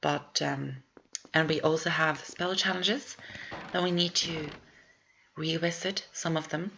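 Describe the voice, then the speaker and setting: Brief: woman gamer, low gravelly voice, chatty walkthrough commentary. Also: steady tone, measured pace, bright, forceful tone, a little hiss or hum. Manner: rambling, chatty, thinks aloud. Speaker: video game walkthrough player. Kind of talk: casual gameplay commentary.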